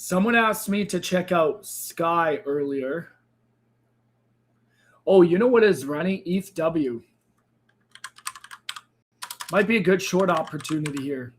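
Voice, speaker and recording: A man with a fairly high voice hosts a live trading stream at his desk. He talks through the charts in loose, casual commentary, often changing his mind mid-sentence. His voice sounds a little worn, as if he is losing it. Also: slow pace, pauses often. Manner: thinks aloud, second-guesses himself mid-sentence. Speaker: crypto trading livestream host.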